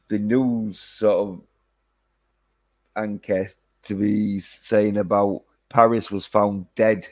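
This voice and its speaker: A man's voice: lowish voice, a little mellow. A man casually chatting through a film review, rambling with lots of fillers and casual swearing. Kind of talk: casual chat.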